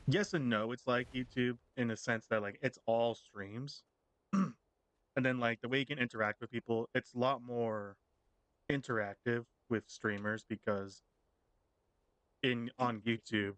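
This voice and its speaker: A man's voice: medium pitch, a bit bright, no echo. A man chatting casually on his live game stream, rambling with fillers and frequent laughs.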